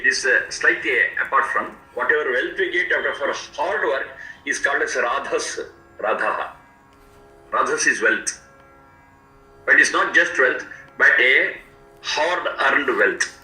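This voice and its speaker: A man teaching a scripture, explaining each word slowly and repeating its meanings. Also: mid-range voice, lively intonation, pushed and bright, reverberant, faint music behind, poor audio. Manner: slow, repetitive word-by-word explanation. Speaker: Vedic teacher. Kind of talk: explanatory lecture.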